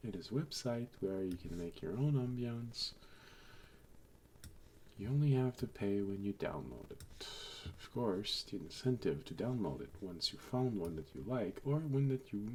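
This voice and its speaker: A man's voice: fairly low pitch, sing-song, moderate pace, a little mellow, a little hiss or hum. A man streaming while he draws a map, thinking aloud, muttering to himself and making dry asides to his chat over a desk microphone.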